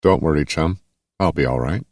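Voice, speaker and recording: A man voicing a male fellow prisoner who talks plainly and bluntly, close to his own very deep voice. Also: moderate pace, a little mellow, no room sound. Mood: reassuring.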